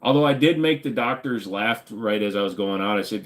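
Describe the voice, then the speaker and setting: A man's voice: mid-range voice, a little fast, few pauses. A man hosting a stream, chatting casually and joking as he reads viewer comments. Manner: joking, laid-back, rambling. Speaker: streamer host.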